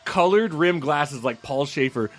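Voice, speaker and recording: Animated, laughing, profane male film critic. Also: a little high, a little slow, faint music behind. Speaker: film critic, podcast regular. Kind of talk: casual chat.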